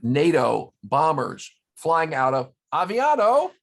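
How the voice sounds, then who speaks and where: A man telling stories in casual conversation as a guest at a round-table talk, animated and full of restarts. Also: a little high, takes it slowly, creaky. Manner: storytelling, animated, many restarts. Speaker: guest, former ambassador. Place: indoors, round-table discussion.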